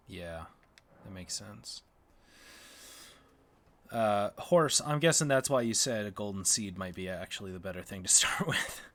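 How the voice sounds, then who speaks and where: A man's voice: low-pitched, fairly bright tone, a little hiss or hum. A man streaming a game for the first time, thinking aloud in a casual, unsure way as he works through menus. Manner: thinking aloud, unsure, mumbling menu names. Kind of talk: casual gameplay chat.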